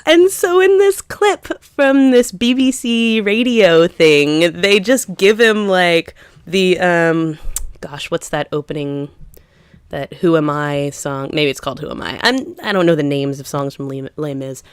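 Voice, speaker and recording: A woman co-hosting a podcast in casual chat, talking fast and loose with many fillers and frequent laughs. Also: on the low side, clear, resonant tone, dry recording, clean studio sound. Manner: chatty, lots of "like" fillers, laughs often. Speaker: podcast co-host.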